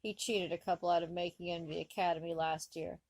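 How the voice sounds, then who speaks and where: A woman's voice: lowish voice, little pitch movement, fast talker, darkish tone, no room sound, clean studio sound, pitched below the performer's own voice. A woman voicing a flustered, deferential male first officer who stammers and says sir a lot.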